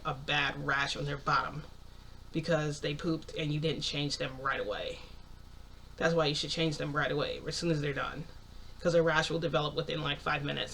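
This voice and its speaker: A man tells a story to his viewers in a loose, rambling way, leaning on "like" and breaking into small laughs. His voice sits a little high. A faint hiss runs underneath. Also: fairly bright tone. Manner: rambling, heavy use of "like"; chatty, laughs often. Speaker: vlogger. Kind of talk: casual storytelling.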